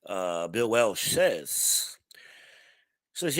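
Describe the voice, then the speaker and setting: A man hosts a casual livestream podcast. His voice sits fairly low, and he chats loosely, laughing now and then as he reads comments from the chat. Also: animated, a little slow, pauses often, a bit bright. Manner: chatty, reads chat aloud, laughs often. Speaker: podcast host.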